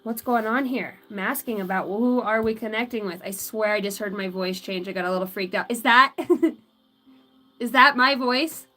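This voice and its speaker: A woman's voice: mid-range voice, moderate pace, sharp tone. A woman doing a live tarot and oracle card reading, giggling often, swearing freely and chatting in asides to her spirit guides.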